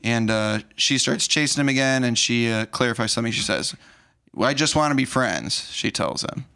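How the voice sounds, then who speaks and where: A podcast host with a gravelly voice walks through a film in a casual chat. He retells it scene by scene and slips into the characters' lines as he goes. His voice sits at an average pitch. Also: normal speed. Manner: animated retelling, acts out lines. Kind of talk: casual movie recap.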